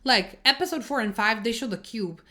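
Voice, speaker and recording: A woman casually reviewing TV episodes in a chatty, expressive, rambling way, swearing freely and thinking out loud. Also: on the high side, brisk. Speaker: TV series reviewer. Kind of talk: casual spoken review vlog.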